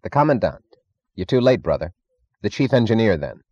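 A man's voice: on the low side, big pitch swings, brisk, warm tone, dry recording, highs cut off, pitched above the performer's own voice. A man voicing an insolent, jumpy young male officer who talks snappishly. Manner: snappish, turning shakily polite.

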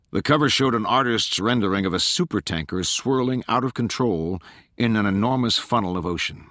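Bright, low-voiced male narrator. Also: no echo, studio quality. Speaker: audiobook narrator. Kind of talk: scripted narration.

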